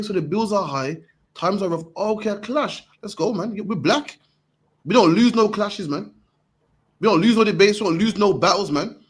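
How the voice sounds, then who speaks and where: Rapid street preacher guy, bit husky, keeps saying man. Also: sits high. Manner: punchy, ends lines with "man". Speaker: street preacher teaching a group. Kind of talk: impassioned preaching.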